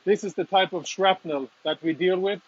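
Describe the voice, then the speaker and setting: A man speaking as a military spokesman, reporting live and earnestly from inside a damaged apartment, audibly emotional with halting restarts. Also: sits high, dull audio. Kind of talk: live walk-through report.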